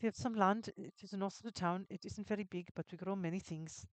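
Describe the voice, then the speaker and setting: A game streamer voicing a young farmer's daughter in a vague put-on foreign accent, earnest and a little halting. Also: mid-range voice, dry recording, close to an everyday voice, low-quality recording. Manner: earnest, simple, slightly halting.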